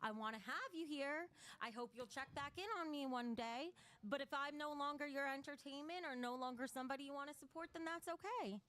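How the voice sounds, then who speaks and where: A woman's voice: high voice, fairly quick, hardly any pauses, a bit bright. A woman hosting a livestream, talking bluntly and emotionally to her chat, with a lot of swearing. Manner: blunt and profane, emotional, reading chat donations. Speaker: livestream host. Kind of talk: casual livestream chat to viewers.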